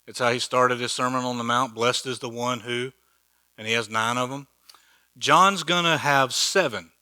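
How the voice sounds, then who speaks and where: A man's voice: mid-range voice, fairly even intonation, moderate pace, pushed and bright, smooth. A man teaching a Bible study in a church hall, conversational and joking, with many rhetorical questions.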